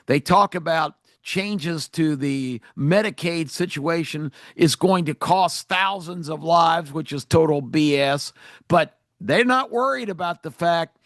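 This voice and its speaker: A man with a fairly high voice speaks straight into a close studio mic, with a dry and direct sound. He hosts a talk radio show and delivers a political monologue. His tone is emphatic and indignant, and he pauses on fillers as he builds his points. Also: a bit bright, no room sound.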